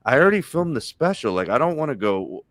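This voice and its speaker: A man's voice: medium pitch, very animated, fast, fairly bright tone, no echo, studio quality. A middle-aged man, a comedian guest, rambling through a joke on a live podcast with restarts. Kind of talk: casual chat on a live podcast.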